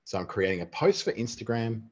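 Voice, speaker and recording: A man's voice: on the low side, big pitch swings, brisk, slightly rough. An Australian man presenting an online webinar, chatting casually and thinking aloud as he demonstrates a writing tool. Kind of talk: casual live software demonstration. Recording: dull lo-fi webinar audio.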